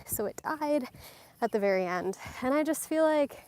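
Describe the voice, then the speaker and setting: A woman's voice: a little high, animated, moderate pace, a little mellow. A young woman chatting casually while walking her dog outdoors, a little out of breath, filming on her phone. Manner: chatty, distracted, laughing often, slightly out of breath. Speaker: lifestyle vlogger. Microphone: handheld phone.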